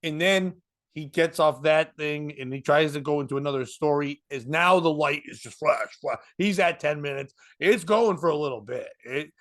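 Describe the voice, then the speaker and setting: This man, a comedian hosting a podcast, tells a story at a moderate pace in a voice on the high side with a fairly bright tone. He keeps it casual, laughs along, curses freely and acts out other people's lines.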